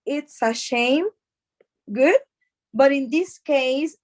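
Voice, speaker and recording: A woman's voice: high-pitched, drawn-out words, a little mellow, no room sound, poor audio. A woman with a Mexican Spanish accent teaching an English class, explaining patiently with repeated words and fillers.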